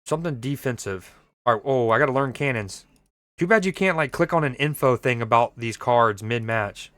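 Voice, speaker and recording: A man's voice: medium pitch, expressive, moderate pace, fairly bright tone, no room sound, studio quality. A young man streaming a mobile game, chatting casually and joking with his viewers as he plays. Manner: playful, jokey, reads chat aloud. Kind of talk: casual gaming stream chat.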